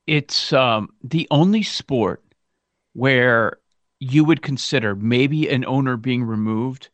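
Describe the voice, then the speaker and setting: A man's voice: medium pitch, slow pace, fairly bright tone, no echo. A man co-hosting a casual sports talk show, speaking indignantly with hesitant fillers.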